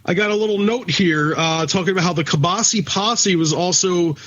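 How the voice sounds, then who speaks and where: A man's voice: high voice, brisk, fairly bright tone, highs cut off. A man with a Philadelphia accent co-hosting a podcast in casual chat, rambling, swearing freely and drifting off topic. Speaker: podcast co-host.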